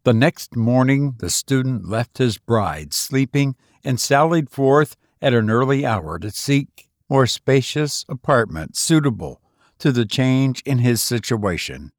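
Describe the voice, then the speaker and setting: A man reading a classic story aloud as host of a podcast, in a measured, deliberate way. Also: mid-range voice, animated, dry recording, studio quality.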